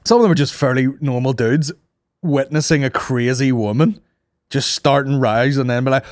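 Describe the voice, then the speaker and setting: A man's voice: medium pitch, moderate pace, dry recording, studio quality. A young man hosting a comedy podcast, telling crude, rambling stories and mocking people in put-on voices. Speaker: podcast host.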